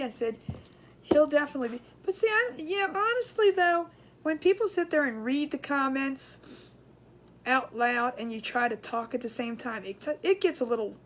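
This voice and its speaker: A woman hosting a casual crafts livestream, rambling chattily and greeting viewers in a drawn-out sing-song. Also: high-pitched, slight background noise.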